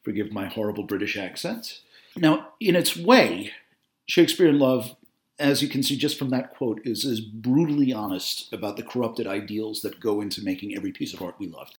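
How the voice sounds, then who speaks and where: A man's voice: on the low side, normal speed. Guy doing a film essay, opinionated, lots of um and you know, keeps fixing his words. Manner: talkative and opinionated, with frequent fillers and self-corrections. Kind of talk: spoken video essay on film.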